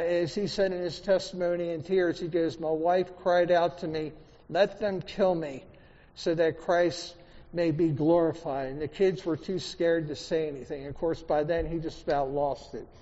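High-voiced male pastor preaching in a hall. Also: a little mellow. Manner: conversational preaching, asking the congregation for responses. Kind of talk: sermon. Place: church sanctuary. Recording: dull reverberant church recording.

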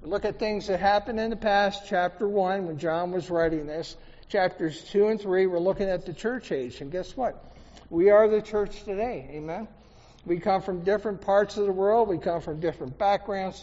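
High-voiced male pastor preaching in a hall. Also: darkish tone. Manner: conversational preaching, asking the congregation for responses. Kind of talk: sermon. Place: church sanctuary. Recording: dull reverberant church recording.

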